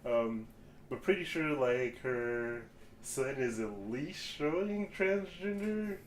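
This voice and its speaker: A man's voice: mid-range voice, lively intonation, takes it slowly. Rambling man, roomy sound. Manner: rambling, many fillers and restarts. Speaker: podcast co-host. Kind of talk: casual group chat. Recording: roomy, faint background hiss.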